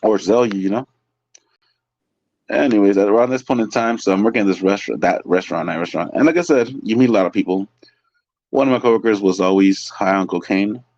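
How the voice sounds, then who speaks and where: A low-voiced man from California tells restaurant stories as an interview guest, rambling and excitable with plenty of fillers. The sound is dry and close, with a slightly dull, muffled quality. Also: fast talker, no echo. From California, San Francisco Bay Area. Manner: chatty, loose, lots of fillers and restarts; excitable, laughs through stories. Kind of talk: casual storytelling.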